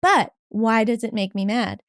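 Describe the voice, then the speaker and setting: A woman therapist as a podcast guest, speaking candidly and with energy, quoting people in lively voices. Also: a little high, no room sound, studio quality. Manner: candid and lively, quick bursts, laughs, acts out quotes. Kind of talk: casual conversation.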